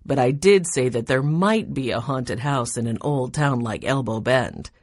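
A calm old grandfather, voiced by a woman in an audiobook, spoken low and steady. He sounds kindly and unhurried. The sound is close and dry. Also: no echo. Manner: lowered, steady voice.

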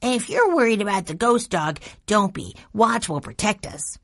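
A woman voicing an eager, excitable young boy in a storybook reading. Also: medium pitch, normal speed, no room sound, studio quality, pitched above the performer's own voice. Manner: earnest and excited.

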